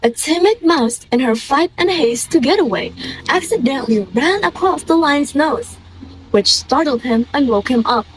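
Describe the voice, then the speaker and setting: A woman's voice: high voice, expressive, normal speed, rough recording. A woman contestant telling a children's fable with a dramatic, playful flair. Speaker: storytelling contestant. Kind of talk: theatrical storytelling.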